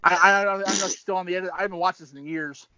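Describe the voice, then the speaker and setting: Brief: thirties male co-host, high-pitched, emotional and profane reactions, dull dry recording. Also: rapid-fire, sharp tone, no room sound. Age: 30s. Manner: emotional, swearing, laughing, exclaiming. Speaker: podcast co-host. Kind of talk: casual chat watching a match.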